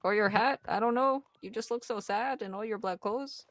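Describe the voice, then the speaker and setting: A woman's voice: on the high side, moderate pace, no room sound. A woman chatting in character during a roleplay game, playful and teasing. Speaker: roleplay player. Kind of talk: in-character casual chat.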